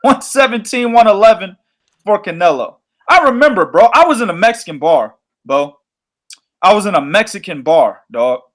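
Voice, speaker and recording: A man hosting a boxing podcast, telling stories in an animated, profane way. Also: sits high, moderate pace. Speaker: podcast host. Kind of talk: casual boxing podcast chat.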